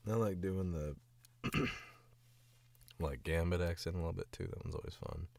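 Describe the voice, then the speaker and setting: A very deep, gravelly male voice from the American South, drifting through casual stream chatter with rambling chuckling asides. He is sick and fighting sleep, and his voice drops very low with heavy vocal fry. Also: moderate pace, darkish tone, slight background noise. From Southern United States. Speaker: voice actor streaming his work.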